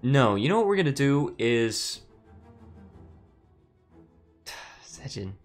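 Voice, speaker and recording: A man's voice: mid-range voice, sing-song, slow, faint music behind. Man thinking aloud over a strategy game. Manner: musing aloud, hesitant, frequent restarts. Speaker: streamer. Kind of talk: casual game commentary reading chat.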